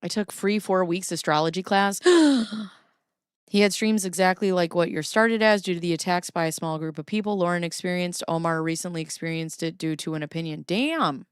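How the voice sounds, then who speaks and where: A middle-aged woman streamer with a smooth, very clear voice on the lower side. She chats playfully, laughs often and answers her viewers between reading court papers. The sound is close and dry, with no room around it. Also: brisk, few pauses, no room sound. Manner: chatty and playful, laughs often, talks back to chat. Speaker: livestream host. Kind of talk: casual livestream chat, reading court filings aloud.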